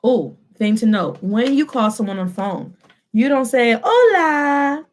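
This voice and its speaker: A woman in her thirties teaching a lively online language lesson to students, mixing English and Spanish and repeating phrases as drills. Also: mid-range voice, normal speed. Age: 30s.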